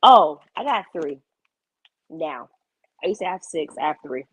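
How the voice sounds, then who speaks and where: A young woman chatting casually on a livestream, blunt and animated, cursing freely. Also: deep voice, unhurried, slightly rough, dry recording.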